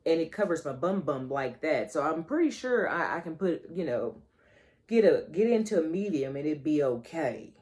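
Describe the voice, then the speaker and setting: A woman's voice: deep voice, sing-song, normal speed, a little mellow. A woman vlogger, chatting playfully to her viewers and calling them honey and child. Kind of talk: casual chat to camera.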